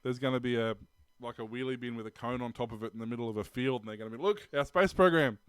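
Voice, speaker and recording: A man's voice: mid-range voice, little pitch movement, racing, clean tone, dry recording, clean studio sound. An Australian man co-hosting a tech news podcast, talking casually with many ums and restarts. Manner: rambling, many ums and restarts, laughs often. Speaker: podcast co-host.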